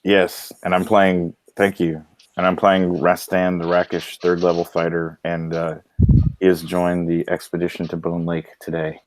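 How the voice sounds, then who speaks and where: A man playing a tabletop game, relaxed and easily amused. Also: sits low, moderate pace, no room sound, rough recording. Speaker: player. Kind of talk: casual game chat.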